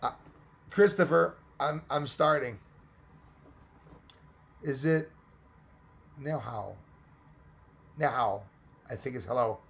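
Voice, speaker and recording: Gravelly-voiced man losing his voice. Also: medium pitch, slow pace, pauses often, fairly bright tone. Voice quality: gravelly, hoarse voice. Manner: rambling, mixes in French and Spanish greetings. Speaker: livestream host reading chat. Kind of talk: casual live chat.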